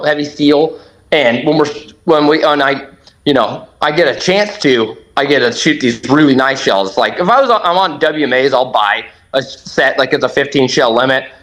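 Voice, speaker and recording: A man guesting on a podcast, telling a hunting story with excited, animated energy and acting out his own shouts. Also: mid-range voice, poor audio. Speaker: podcast guest, duck hunter.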